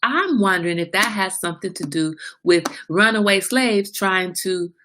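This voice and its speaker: A woman's voice: medium pitch, lively intonation, moderate pace, bright, forceful tone. A woman in her forties hosting a casual livestream chat, talkative and laughing, teasing her son with mock exasperation. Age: 40s. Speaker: livestream host.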